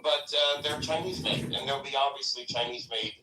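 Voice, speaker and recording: A man's voice: medium pitch, fairly even intonation, moderate pace, music in the background. A man in a group political discussion, speculating and hedging his points. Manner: speculative, hedges and restarts often. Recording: roomy sound from a distant mic.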